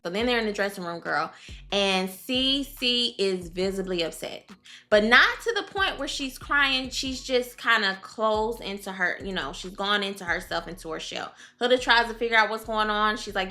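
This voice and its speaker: A woman recapping a reality dating show in a casual vlog, sassy and animated, calling the viewer "girl" as she talks. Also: medium pitch, normal speed, faint music behind.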